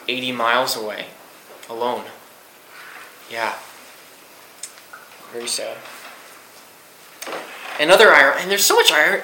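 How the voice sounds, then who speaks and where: A man's voice: mid-range voice, pushed and bright, echoey room, slight background noise, poor audio. A young man preaching to a youth group, reading Scripture aloud and teaching in a conversational way, full of rhetorical questions and fillers. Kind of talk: Bible teaching sermon.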